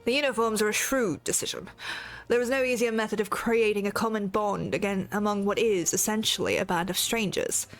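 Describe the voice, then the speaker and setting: A woman voicing a proud male mercenary captain in a put-on British accent, with formal, measured speech. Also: medium pitch, fairly even intonation, faint music behind, close to an everyday voice.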